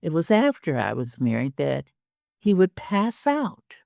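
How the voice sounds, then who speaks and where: Slow-speaking animated older woman. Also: low voice, creaky, dry recording, clean studio sound. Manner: animated, laughing often, acts out quoted dialogue. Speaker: guest. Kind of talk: storytelling in a podcast interview.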